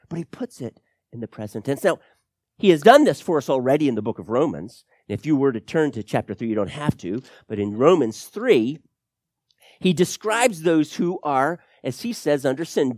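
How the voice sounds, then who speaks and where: A man preaching a sermon as pastor, teaching through scripture and swinging between loud emphatic lines and soft, low drops. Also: no echo, studio quality.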